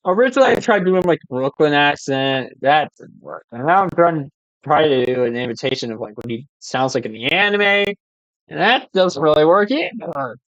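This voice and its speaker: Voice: mid-range voice, fairly bright tone, no echo, dull audio. A YouTube gamer giving loose, self-mocking let's play commentary.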